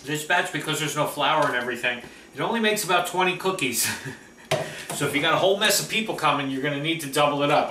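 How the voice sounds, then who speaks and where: A man's voice: on the high side, bright, forceful tone, roomy sound, slight background noise. A man hosting a casual home cooking vlog, chatty and easygoing, talking viewers through baking cookies. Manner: chatty, easygoing, laughs often. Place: home kitchen.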